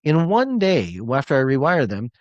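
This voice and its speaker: A man's voice: fairly high pitch, wildly swooping pitch, normal speed, no echo, highs cut off. A man in his forties giving a motivational webinar talk. He is emphatic and repeats key words for weight. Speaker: motivational speaker.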